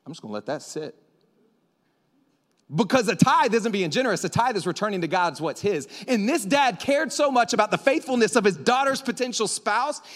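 A man preaching a sermon into a microphone, animated and breaking into yelling at times. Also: very high voice. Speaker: pastor. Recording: reverberant hall.

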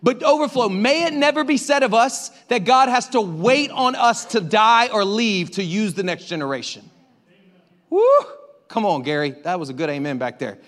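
A male pastor preaching a sermon in an energetic, conversational way, calling out to the congregation. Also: sits high, moderate pace. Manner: energetic, conversational preaching with crowd call-outs. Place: church auditorium. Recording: preached in a reverberant hall.

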